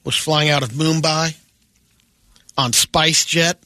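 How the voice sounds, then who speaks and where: A male radio news reader delivering offbeat stories in a matter-of-fact, deadpan way on a studio microphone. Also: fairly high pitch, slow, no echo.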